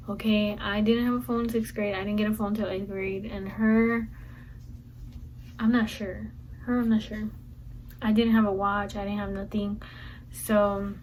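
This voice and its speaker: A young woman chatting through a storytime at a relaxed, rambling pace, circling back over the same points. Her voice sits at an ordinary middle pitch. A faint hiss of background noise runs under the recording. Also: rough recording. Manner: chatty, rambling, repeats herself. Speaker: vlogger. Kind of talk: casual storytime.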